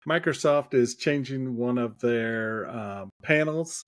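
A man's voice: medium pitch, takes it slowly, dry recording, studio quality. A man co-hosting a casual tech podcast on a headset, easygoing and hedging his opinions with filler ums. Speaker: podcast co-host.

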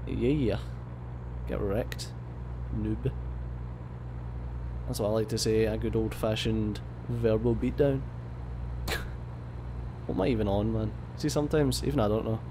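A man's voice: on the low side, normal speed. A young Scottish man giving casual gameplay commentary, swearing and mock-raging at other drivers. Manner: profane, mock-angry banter at other drivers. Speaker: let's play host. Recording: steady background hum.

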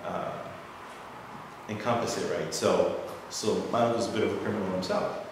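A man with a low voice tells a personal story from the audience. He rambles and restarts, and he grows lively when quoting people. He sounds far from the mic in a long-reverb hall with clear room noise. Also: moderate pace. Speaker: audience member sharing a story. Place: assembly hall.

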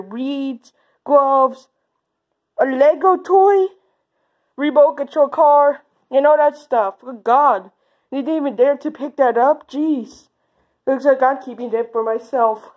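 High-voiced, chatty game role-player. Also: female voice, slow pace, narrow, tinny audio. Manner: chatty and offhand. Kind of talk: casual game role-play narration.

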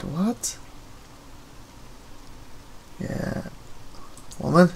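Gravelly man reading game lines aloud. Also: mid-range voice, moderate pace, fairly bright tone, slight background noise. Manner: reads characters' lines aloud, breaking off into offhand asides. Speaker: let's play gamer. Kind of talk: reading game dialogue aloud with casual commentary.

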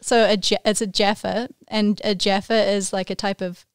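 Young New Zealand woman, podcast guest, gravelly edge, casual and halting. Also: mid-range voice, level tone, dry recording, studio quality. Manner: explains in loose, hesitant phrases full of "like". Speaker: guest, competitive snowboarder.

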